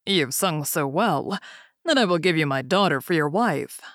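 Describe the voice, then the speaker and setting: A woman reading a storybook aloud, voicing a stern old king who gives commands slowly. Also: low voice, expressive, no echo, clean studio sound. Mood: commanding. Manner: slow, commanding.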